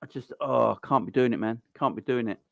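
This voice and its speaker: Reading viewer comments during a football watchalong, this male livestream host talks fast in a mid-range, creaky, fairly bright voice. His chat is casual and blunt, heavy on fillers and repetition, and the recording is dry.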